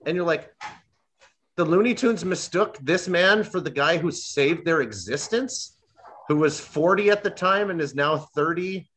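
A man's voice: a little high, a little slow. Young dude ranting, lots of ups and downs in his voice, casual chat. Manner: animated ranting, mimics voices in quotes.

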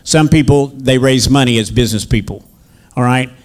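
A man's voice: medium pitch, moderate pace. A man preaching a sermon, telling folksy stories with asides to the congregation before reading scripture. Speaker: minister and teacher.

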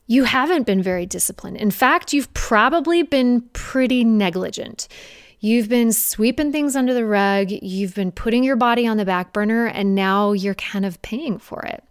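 A young woman fitness coach talking straight to her viewers in an energetic, conversational way, with playful mocking asides. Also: a little high, normal speed, clear, resonant tone, no room sound, clean studio sound. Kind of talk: direct-to-camera coaching talk.

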